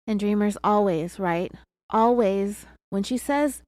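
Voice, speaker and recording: A woman's voice: medium pitch, a little slow, a little mellow, dry recording. Woman hosting a true crime podcast, snarky side comments, dry close sound. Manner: sarcastic asides. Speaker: podcast host.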